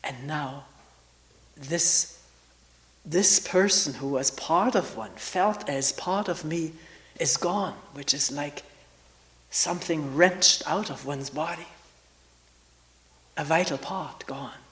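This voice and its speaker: A woman in her sixties giving a reflective spiritual talk as a meditation retreat teacher. She talks slowly and searchingly, with long pauses and often drops into a half-whisper. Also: low-pitched, a bit bright, poor audio.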